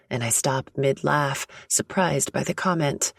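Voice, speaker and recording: A woman reads a romance audiobook in the first person, soft and intimate. Her voice is husky with a gravelly creak, and the sound is dry and close to the mic. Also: low-pitched, a little slow, no room sound. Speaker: audiobook narrator.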